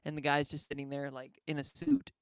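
A man's voice: on the high side, sing-song, a little fast, smooth, no room sound. A man co-hosting a casual podcast chat, telling wry stories into a close mic.

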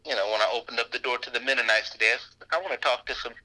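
Bright-voiced man rambling casually. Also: medium pitch, racing, rough recording. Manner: rambling, with many fillers and restarts. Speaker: podcast guest. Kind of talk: casual conversation.

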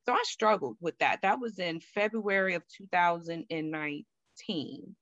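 A candid woman guest who tells her story animatedly, voicing her own past thoughts aloud. Her voice sits a bit low, recorded dry and close with a dull, muffled tone. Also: normal speed, fairly bright tone, no room sound. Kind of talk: personal storytelling in conversation.

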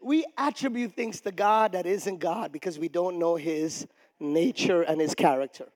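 A male pastor preaching a sermon emphatically, with shouted peaks and call-and-response with the congregation. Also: high voice, normal speed. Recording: long reverb of a large hall.

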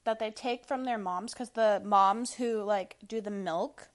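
A woman's voice: medium pitch, measured pace. A young woman hosting a casual monologue of opinions, blunt and profane, filling nearly every phrase with "like". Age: young adult. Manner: blunt, profane, filler-heavy with constant "like". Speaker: podcast host. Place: Washington State.

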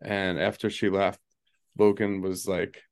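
A man's voice: deep voice, little pitch movement, unhurried. A man in his thirties in casual chat, laid-back, adding short remarks and anecdotes about his kids.

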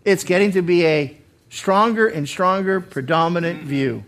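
A male pastor with a high-pitched voice preaches a Bible study sermon earnestly at normal speed, often repeating words as he restarts. He acts out quoted speakers, delivering some lines suddenly loud.

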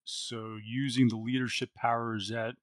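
Acting as game master for a tabletop role-playing game, this man narrates the action and works through the rules as he goes, with many fillers and restarts. His mid-range voice barely shifts in pitch, his pace is measured, and the recording is dry.

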